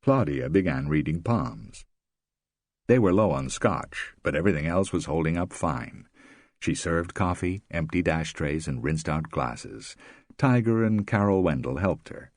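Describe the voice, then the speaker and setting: A man reading a novel aloud as an audiobook narrator, measured and expressive, close to the mic. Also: extremely low pitch, no room sound. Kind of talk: scripted narration.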